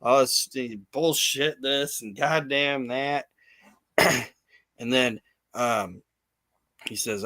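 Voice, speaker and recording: A man in casual podcast chat, retelling events in a profane, animated way and quoting people as he goes. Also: mid-range voice, extremely slow, pauses often, no room sound. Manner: profane, animated storytelling with quoted voices. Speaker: podcast co-host. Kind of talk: casual chat recapping wrestling.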